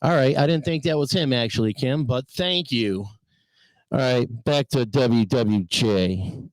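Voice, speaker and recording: A man's voice: medium pitch, measured pace, no echo. A man hosting a casual live-stream talk show, chatty and loose, greeting viewers and swearing casually. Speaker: host.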